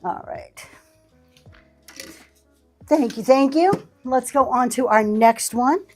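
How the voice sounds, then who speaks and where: A woman runs a live auction of vintage goods online, speaking casually and thanking buyers by name. Her high voice is a little mellow and paced in a measured way, with faint music in the background.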